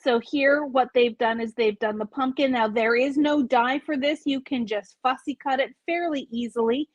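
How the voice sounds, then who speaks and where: Chatty higher-voiced woman showing craft products. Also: moderate pace, dry recording, dull audio. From Canada. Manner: chatty, explanatory, self-correcting. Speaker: craft store host. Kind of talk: live product showcase.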